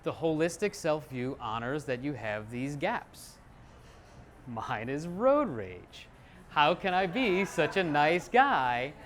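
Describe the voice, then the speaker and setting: A middle-aged man speaks to a live audience in a slightly high voice, lively and self-mocking. He acts out quoted lines as he goes. A faint hiss sits under the recording. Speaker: psychologist giving a talk.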